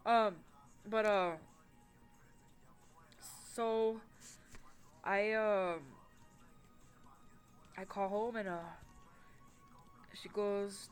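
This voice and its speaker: A woman telling a personal story in casual, rambling talk, swearing often and restarting her sentences, with soft music behind her. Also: medium pitch, steady tone, very slow, pauses often. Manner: rambling, profane, with many fillers and restarts.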